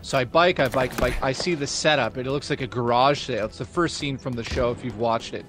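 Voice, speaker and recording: Male streamer, lively swearing storyteller, average pitch, game music loud behind him. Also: a little fast. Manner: animated storyteller, swears freely. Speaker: streamer reading donations. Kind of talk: casual chat while gaming.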